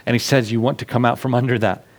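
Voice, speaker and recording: A man's voice: mid-range voice, level tone, fast. A man preaching a sermon to his congregation in a conversational way, acting out little scenes with asides. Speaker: pastor.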